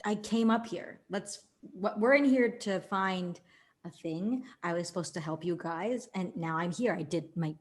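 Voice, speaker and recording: A woman playing a tabletop game, rambling excitedly in character. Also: lowish voice, unhurried. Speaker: player.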